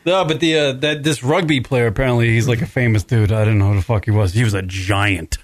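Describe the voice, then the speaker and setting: In a dry recording, a fast-talking podcast host with a medium-pitched voice rambles through a lengthy story during casual conversation. He swears freely and laughs in the middle of telling it.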